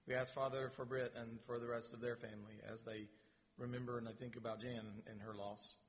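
A man leading his church in announcements and a spoken prayer, gentle and pausing, with repeated words. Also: mid-range voice, level tone. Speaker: pastor. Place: church sanctuary. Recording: long reverb of a large hall.

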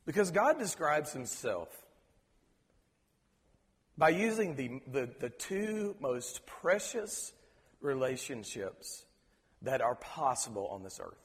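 A man preaching a sermon, earnest and halting, often repeating words as he searches for them. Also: medium pitch, big pitch swings, in a large hall. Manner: preacher quoting scripture in reverent tones. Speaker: pastor.

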